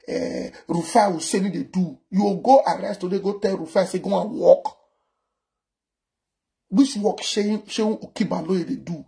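Nigerian man, forties, live-stream host, gravelly, dark tone, rhetorical and animated. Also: sits high. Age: 40s. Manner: animated, rhetorical, repeating questions. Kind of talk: casual live-stream talk in Pidgin. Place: indoors abroad, cold.

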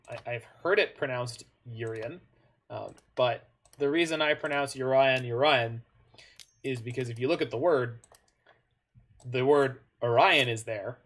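A man talking through his own card game as he plays, in a middle-pitched voice that sits in an ordinary range. He thinks aloud, corrects himself mid-sentence and wanders into small asides, keeping it relaxed and conversational. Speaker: gamer commenting on his own online card game matches. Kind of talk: casual gameplay commentary.

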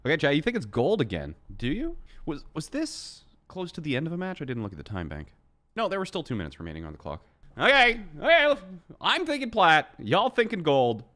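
A man's voice: a little high, fairly quick. A man giving casual, joking commentary on gameplay clips as a streamer guessing ranks. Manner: joking, animated, sarcastic.

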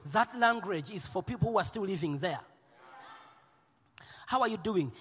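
High, shouting Ugandan-born preacher. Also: male voice, very animated, unhurried, pauses often, husky. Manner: shouting, playful, with call and response. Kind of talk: sermon. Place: large church hall. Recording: long hall reverb.

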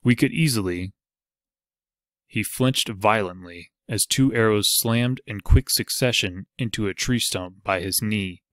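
A man reading an adventure novel aloud as narrator, in a steady, measured storytelling manner. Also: lowish voice, no echo, clean studio sound. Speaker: audiobook narrator. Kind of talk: scripted narration.

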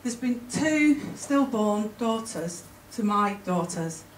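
This conference speaker has an expressive, mid-range voice and addresses the audience with emotion and a chatty manner, often stopping and restarting. The mic sits at a distance in the roomy hall, capturing faint ambience and slight background noise.

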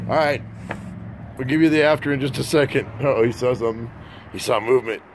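A man vlogging on a phone camera, chatting casually and cooing at his dog in a higher, softer voice. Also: fast talker, background noise.

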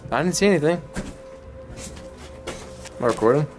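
A man's voice: on the high side, animated, moderate pace, over music. A young man exploring an abandoned house with a friend, teasing him and urging caution. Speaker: vlogger's friend. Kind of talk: casual chat.

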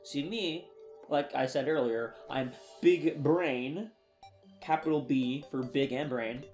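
A man's voice: on the high side, darkish tone. A tired young man giving casual, self-mocking commentary on his own gameplay, talking to himself as he plays. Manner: chatty, self-mocking, talks to himself while playing. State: tired and yawning. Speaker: let's play gamer.

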